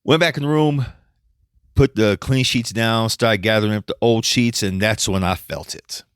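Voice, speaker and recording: A man's voice: fairly low pitch, normal speed, fairly bright tone, clean tone, no echo, studio quality. A man hosting a podcast, talking casually and bluntly, swearing freely and laughing often. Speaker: podcast host.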